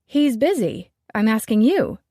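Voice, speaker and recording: Stubborn, loud woman chef, a little higher than the reader's own voice, as the female narrator puts her on; dry, close sound. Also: sing-song, measured pace, dry recording, full character voice. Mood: teasing. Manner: loud, insistent, sharp retorts. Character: fierce petite woman chef, bossy and stubborn.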